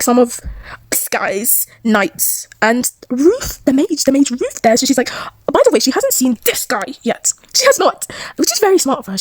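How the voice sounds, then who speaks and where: A woman's voice: high-pitched, husky, no echo. A young woman casually recapping a story, chatty and rambling, giggling and acting out the characters' lines. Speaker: recap vlogger.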